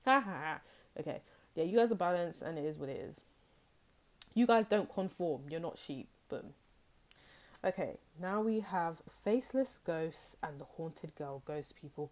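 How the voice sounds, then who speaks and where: A woman with a British accent gives a casual tarot reading straight to her viewers. Her voice sits low and sounds mellow. She chats freely and slips into playful voices when she quotes other people. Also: animated, moderate pace. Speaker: tarot reader.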